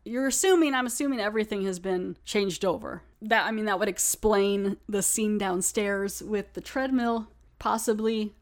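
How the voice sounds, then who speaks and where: A woman's voice: mid-range voice, normal speed, few pauses. A young adult woman hosting a podcast, casually recapping an episode in a chatty way full of "like" and laughter. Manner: chatty, laughs, many "like" fillers. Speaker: podcast host.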